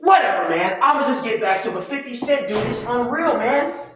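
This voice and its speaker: A man ranting loudly and animatedly in casual commentary, swearing freely. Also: very high-pitched, a little fast, background noise. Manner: loud, animated, profane ranting. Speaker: commentary vlogger. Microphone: camera mic at a distance, no clip-on mic. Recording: very echoey room, voice far from mic.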